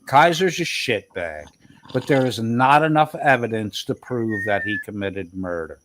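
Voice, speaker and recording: A man's voice: on the low side, expressive, unhurried, a bit bright, slight background noise. Profane, berating man in a heated argument. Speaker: livestream debater.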